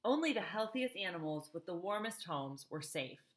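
A woman's voice: fairly low pitch, animated, moderate pace. A woman reading a novel aloud, stopping for chatty asides to her listeners. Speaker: reader.

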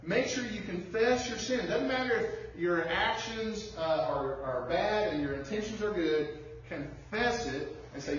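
A man's voice: sits high, a little slow, few pauses, slight background noise. A male pastor giving a conversational sermon, acting out bits of dialogue as he preaches in a church sanctuary. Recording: very echoey hall, distant, dull lo-fi.

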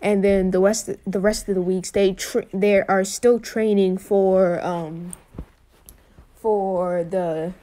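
A woman's voice: mid-range voice, little pitch movement, slow, mellow. A young woman casually telling a fan what-if story, rambling with many fillers and restarts.

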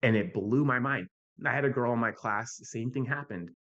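A man speaking as a podcast guest in an animated, conversational way. He tells stories and often checks in with a quick "right?". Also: medium pitch, highs cut off. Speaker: podcast guest, youth mental health advocate. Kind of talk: conversational storytelling.

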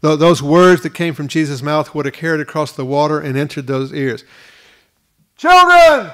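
A man's voice: on the high side, little pitch movement, a little fast. Earnest man preaching a sermon. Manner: earnest, repeats words at restarts. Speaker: pastor. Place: school hall used for church.

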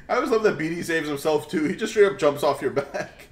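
A man's voice: fairly high pitch, fairly quick, echoey room. A young man co-hosting a let's play, laughing and swearing in casual chat. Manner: laughing, profane, animated. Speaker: gaming channel co-host.

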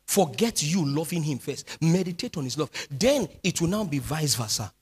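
Pastor preaching with sung phrases, husky. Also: male voice, on the high side, animated, normal speed. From Nigeria. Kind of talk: sermon.

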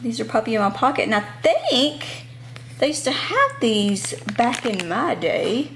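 Chatty Southern mom rambling at home. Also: female voice, on the high side, sing-song, measured pace, a bit bright, a little hiss or hum. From Southern United States. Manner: chatty and rambling, with many ums and asides. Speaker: mom vlogger. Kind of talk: casual chat to camera.

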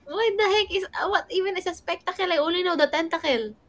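A woman's voice: extremely high pitch, fast. A woman co-hosting a livestream, playing a word-guessing game playfully and laughing often. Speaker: livestream co-host.

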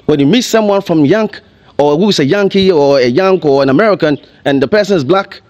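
A man's voice: on the high side, brisk, darkish tone. A man with a Ghanaian accent giving impassioned commentary on TV, emotional and firing off rhetorical questions.

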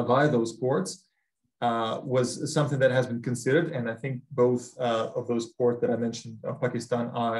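Male academic, Russian accent, halting Q&A answers, frequent fillers. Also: mid-range voice, low-quality recording. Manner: hesitant, many fillers and restarts. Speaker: guest speaker.

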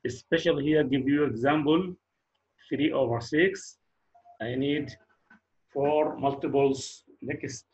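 Guy teaching kids math, talks real slow, keeps saying very good, kinda muffled lo-fi audio. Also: mid-range voice. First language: Arabic. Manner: slow, encouraging, repeats praise, non-native English phrasing. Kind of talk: classroom math lesson.

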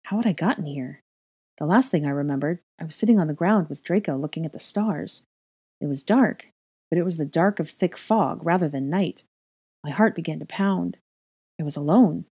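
A woman reading a story aloud in measured, unhurried first-person narration. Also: sits low, mellow, husky, dry recording, studio quality. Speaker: fanfiction reader.

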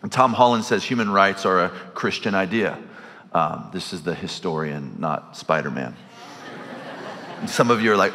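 A man preaching a sermon as pastor, talking in an animated storytelling way with frequent self-corrections. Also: low-pitched, moderate pace. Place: large church sanctuary. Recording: hall reverb from church sanctuary.

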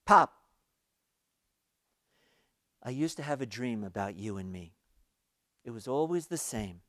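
A man voicing a young son who speaks quietly and earnestly to his father in a sermon illustration. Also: medium pitch, lively intonation, slow pace, no room sound, studio quality. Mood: pleading.

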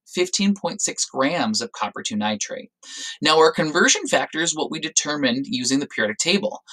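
Lively male science teacher explaining. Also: medium pitch, poor audio. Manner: lively, explanatory, stresses key words. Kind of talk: recorded classroom lecture.

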